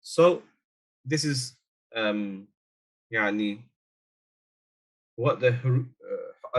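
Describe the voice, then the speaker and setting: Patient male Arabic teacher. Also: medium pitch. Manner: patient, repeats example words slowly. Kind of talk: online language lesson.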